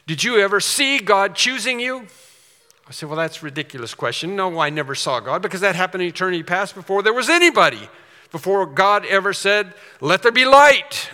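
Bright-voiced preacher in a reverberant hall. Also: male voice, sits high, expressive, brisk. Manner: earnest preaching with rising emphasis and storytelling asides. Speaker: pastor. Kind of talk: sermon.

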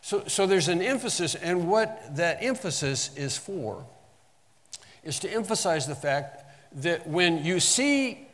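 A man's voice: sits high, lively intonation, unhurried, fairly bright tone. Man preaching in a reverberant hall. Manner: teaching, repeats and restarts phrases, emphatic quoting of verses. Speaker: Bible teacher. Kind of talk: sermon.

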